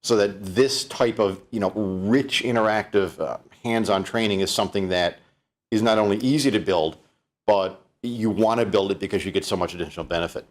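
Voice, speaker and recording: A man from Canada with a fairly low voice talks through a keynote in a relaxed, conversational way. He keeps stopping to restart phrases and fills gaps with "um" and "uh". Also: normal speed. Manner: conversational, fillers, many restarts. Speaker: keynote presenter. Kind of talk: live-streamed keynote talk.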